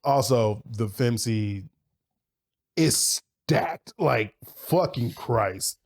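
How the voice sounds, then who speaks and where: A man's voice: mid-range voice, lively intonation, extremely slow. A man co-hosting a podcast in casual chat, rambling with lots of fillers and swearing. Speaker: podcast co-host.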